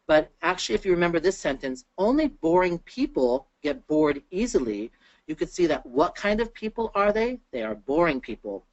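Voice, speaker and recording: A teacher giving an online grammar lesson who explains patiently and slows down to say each example sentence. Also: mid-range voice, no echo. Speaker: English teacher presenting a webinar. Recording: dull, lo-fi webinar audio.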